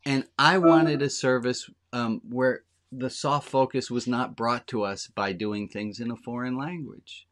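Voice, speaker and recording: A man's voice: medium pitch, fairly even intonation, unhurried, few pauses, fairly bright tone. A man speaking as a rabbi, giving a frank, plainspoken, conversational sermon to his congregation. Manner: talks directly to a small congregation.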